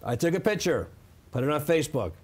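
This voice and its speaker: A man's voice: on the high side, sing-song, fast talker. Emphatic man telling his side. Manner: emphatic, repeats "okay?" for effect. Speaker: interview guest. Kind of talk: sit-down interview, telling stories.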